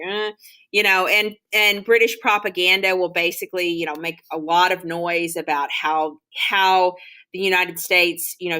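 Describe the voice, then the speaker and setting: A woman's voice: on the low side, bright, forceful tone. A woman teaching a history lecture in a loose, conversational way, with frequent ums and restarts. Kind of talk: classroom lecture.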